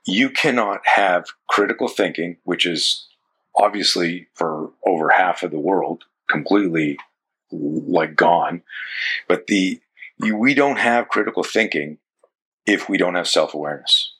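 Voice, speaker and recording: Canadian guy in his 60s, deep husky voice, rambling chatty guest who restarts a lot. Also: measured pace, sharp tone. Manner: rambling, self-interrupting, with casual swearing. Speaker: self-defense coach, guest. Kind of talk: casual interview chat.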